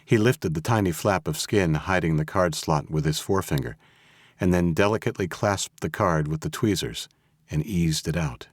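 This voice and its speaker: A man narrating a thriller audiobook in a steady, even storytelling manner. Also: low voice, moderate pace, no room sound. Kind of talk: scripted narration. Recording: dry close studio audio.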